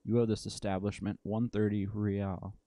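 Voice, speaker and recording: A man's voice: on the low side, flat delivery, moderate pace, dark tone, no echo, lightly acted. A man reading the part of a sarcastic, prickly male hotel manager who talks in a haughty mock-aristocratic way.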